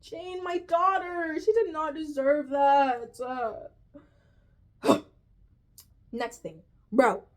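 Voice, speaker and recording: A woman's voice: sits high, very slow, long pauses. A young woman ranting in a casual video commentary, exasperated, swearing freely and calling her viewers "bro". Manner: exasperated, swears a lot, says "bro" often. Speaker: vlogger.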